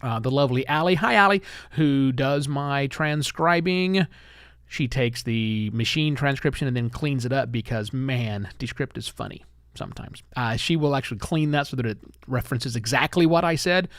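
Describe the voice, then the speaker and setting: A man hosting a live-streamed solo podcast, lively and chatty, with self-deprecating asides. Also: medium pitch, moderate pace, no room sound, clean studio sound. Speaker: podcast host.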